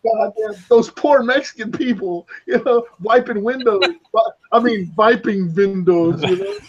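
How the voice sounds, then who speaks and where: A man's voice: very high-pitched, normal speed, husky, lo-fi sound. A man hosting a casual podcast chat, rambling and swearing as he tells a story over an online voice call.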